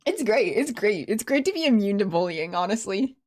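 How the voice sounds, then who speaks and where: A woman's voice: medium pitch, very animated, fairly quick, a little mellow. A young woman streamer chatting casually with viewers, rambling with many fillers and restarts, and laughing in a sniffly way that sounds close to tears.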